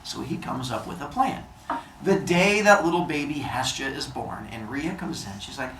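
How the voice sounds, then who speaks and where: Woman teacher, animated storyteller to a class, echoey room, distant mic. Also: a bass voice, normal speed, slight background noise. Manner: playful, animated, quizzing the class. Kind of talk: storytelling to children.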